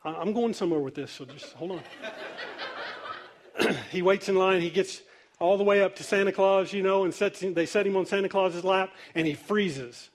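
A man's voice: sits high, moderate pace, slight background noise. A man preaching a sermon as pastor, telling stories in a loose, conversational way with easy laughter. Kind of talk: sermon storytelling.

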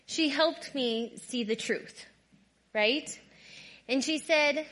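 Bright high-voiced woman giving testimony. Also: slow pace, pauses often. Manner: candid and conversational, often asking "right?". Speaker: guest speaker. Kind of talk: personal testimony talk.

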